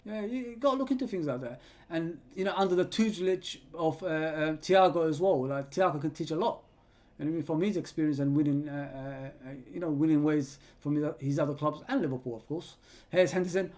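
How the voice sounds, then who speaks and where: A man hosting a live football watch-along, excitably calling the play, yelling at players and chatting with viewers. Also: a little high, a little fast. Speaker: fan channel host reading live chat.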